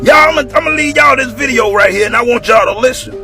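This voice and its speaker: Man, comedic ranter: very high, gravelly voice, shouts and sing-songs through a profane tirade. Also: fast, music in the background. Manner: loud, shouting, sing-song delivery. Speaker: commentator.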